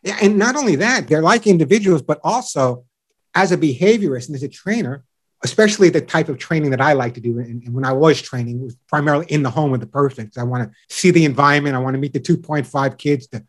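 Animated, slightly high-pitched man talking pets. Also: fast. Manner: animated storyteller acting out owners and dogs. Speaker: pet show radio host and dog trainer, guest. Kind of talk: enthusiastic interview chat.

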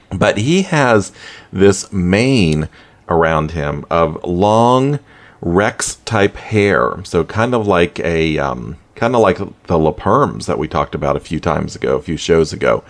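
A man hosting a pet radio show, chatting in a casual, animated way with chuckling asides. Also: low voice, measured pace. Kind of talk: casual podcast talk.

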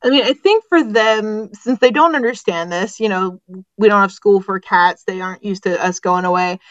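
A woman's voice: medium pitch, normal speed, no echo, lo-fi sound. A woman veterinarian guest on a podcast, explaining and giving advice informally. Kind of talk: casual interview chat.

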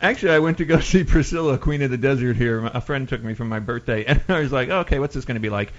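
A man's voice: mid-range voice, fast, dull audio. A man hosting a talk radio show, chatty and rambling as he promotes guests and the show.

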